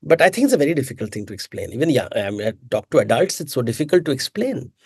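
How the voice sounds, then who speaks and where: A man talks in an animated, emphatic way, firing off rhetorical questions and correcting himself mid-sentence. His voice sits in a middle range, and the recording is dry and close. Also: mid-range voice, very fast, husky, no echo. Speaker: author and mythologist guest. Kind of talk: conversational interview answers.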